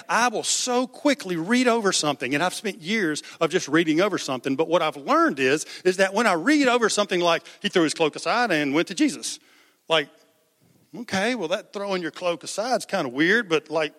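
High bright-voiced man preaching in a hall. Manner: conversational preaching, shouts out quoted lines. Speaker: pastor. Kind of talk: sermon.

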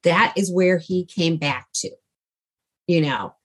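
Speaking slowly in a fairly low voice, a middle-aged woman shares a personal story as an interview guest. She's heartfelt and rambling, often using fillers and starting over.

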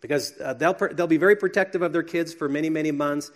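Pastor preaching a sermon, male, slightly high voice, earnest, alternating hushed and emphatic. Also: fast.

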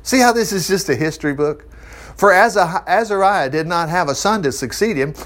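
Folksy, animated male Bible teacher. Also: high-pitched, a little fast. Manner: folksy, chuckling asides while reading scripture. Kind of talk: informal Bible study teaching.

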